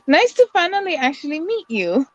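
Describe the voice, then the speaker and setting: A woman's voice: high voice, sing-song, fairly quick, muffled recording. A woman hosting a casual chat on a video call, asking questions. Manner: chatty, asks questions. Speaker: host.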